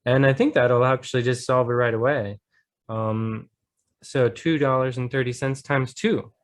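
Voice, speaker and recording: A man's voice: medium pitch, fairly even intonation, normal speed. A man with an American accent tutoring a student in math, patiently thinking aloud step by step and encouraging her. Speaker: math teacher. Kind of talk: online tutoring lesson.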